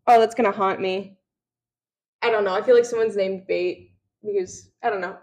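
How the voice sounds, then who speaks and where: A woman's voice: medium pitch, steady tone, darkish tone. A young woman co-hosting a book podcast, casual and wry, speaking into a desk microphone at home. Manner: wry, quick side comments. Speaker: podcast co-host. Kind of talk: casual chat. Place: indoor room at home.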